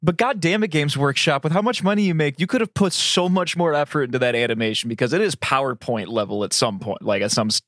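A man's voice: on the high side, quick pace, hardly any pauses, a bit bright, no room sound, studio quality. A man co-hosting a casual podcast, telling long rambling stories with plenty of swearing. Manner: rambling, profane storyteller. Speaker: podcast co-host. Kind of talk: casual chat.

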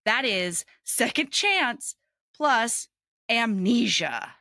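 A woman's voice: a little high, lively intonation, very slow, pushed and bright, no room sound, studio quality. A woman co-hosting a book podcast, enthusiastic and swearing in casual chat. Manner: enthusiastic, laughs often, swearing. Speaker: podcast co-host.

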